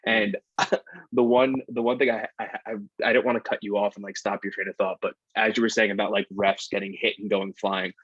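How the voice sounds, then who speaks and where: A man's voice: fairly low pitch, level tone, fairly quick, a bit bright, no echo, highs cut off. A man co-hosting a podcast, rambling in casual chat and saying "like" a lot. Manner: rambling, heavy use of "like". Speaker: podcast co-host.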